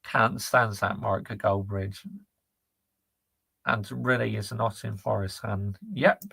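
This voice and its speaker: A gravelly, husky man, talking bluntly and reacting to chat on a live stream. His voice is close and dry, with no room sound, and his pitch sits in the middle. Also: fairly even intonation, slow pace, fairly bright tone, no echo. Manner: ranting, blunt, laddish slang. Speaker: football channel host reading live chat.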